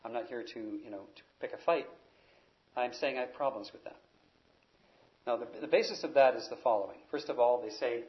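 A man's voice: medium pitch, brisk. Emphatic male preacher, lo-fi recording. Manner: emphatic teaching, rising loud on key words. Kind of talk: expository sermon.

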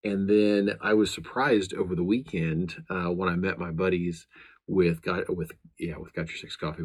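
A man with a very low, gravelly voice hosts his own show as a law enforcement chaplain, talking casually to the camera. His delivery is earnest and meandering, full of restarts, and his tone is slightly husky.

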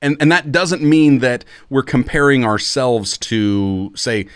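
A man's voice: medium pitch, slow, clean tone, no room sound, studio quality. A man who is a pastor and podcast co-host, talking in an earnest, emphatic, sermon-like way. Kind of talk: podcast conversation.

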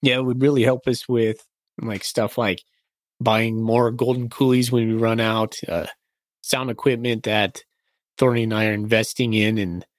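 A man's voice: mid-range voice, level tone, normal speed, no echo. An easygoing man co-hosting a podcast, with a mid-range voice and a self-deprecating way of talking. The sound is dry and close. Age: adult. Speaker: podcast co-host. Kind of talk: casual podcast chat.

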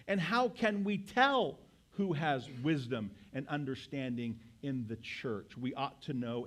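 A male pastor preaching a sermon to his congregation, emphatic and full of rhetorical questions. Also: fairly high pitch.

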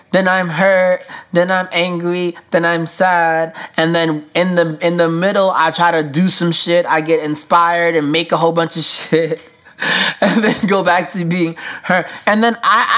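A man's voice: high voice, flat delivery, measured pace, fairly bright tone. A man hosting a podcast, talking through his feelings in a candid, emotional solo monologue, swearing freely with casual slang and lots of fillers. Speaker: podcast host.

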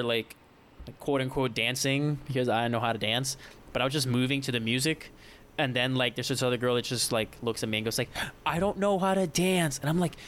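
A man's voice: mid-range voice, a bit bright, slight background noise. A young man on a podcast telling a story in a casual, rambling way, with many restarts and acted-out quotes. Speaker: podcast co-host.

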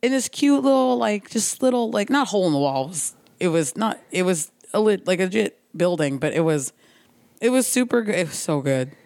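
A woman's voice: lowish voice, very animated, fairly quick, creaky, darkish tone, dry recording, studio quality. Chatty woman telling a trip story. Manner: chatty, laughs often, lots of fillers. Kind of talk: casual chat.

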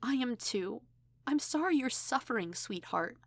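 A woman's voice: fairly high pitch, expressive, measured pace, no room sound, pitched above the performer's own voice. Woman playing a fierce protective aunt. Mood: tender. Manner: sharp and scolding, softening to tender. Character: protective middle-aged aunt, fierce yet tender.

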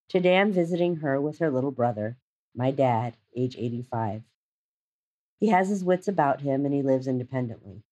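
Woman in her 50s, deep low voice, reading a personal essay, thoughtful and a bit wry. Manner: reflective, measured, gently wry. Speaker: narrator.

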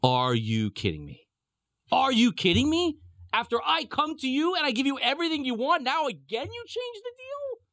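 An indignant king of Egypt, as a man acts him out in a teacher's retelling, haggling in short, wheedling jabs. His voice sits a little high and leaps wildly in pitch. The sound is close and dry. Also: wildly swooping pitch, fairly quick, dry recording.

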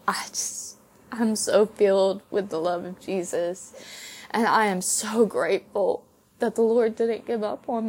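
A young woman speaks slowly and tenderly, sharing her faith story as a podcast host. Her voice is tearful from crying, and she talks haltingly with soft laughs. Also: mid-range voice. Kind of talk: personal faith testimony.

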